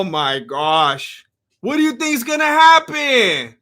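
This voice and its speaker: High-pitched, bright, ranting man. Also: slow. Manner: animated, ranting, often shouting; thanks followers by name between rants. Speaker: live fight companion streamer. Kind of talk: live reaction commentary.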